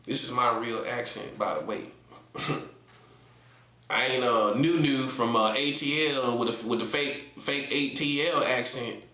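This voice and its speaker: A man's voice: mid-range voice, unhurried, bright, forceful tone, echoey room. A man from North Carolina with a Southern accent, preaching in a casual, emphatic monologue full of rhetorical questions and slang. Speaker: prophet.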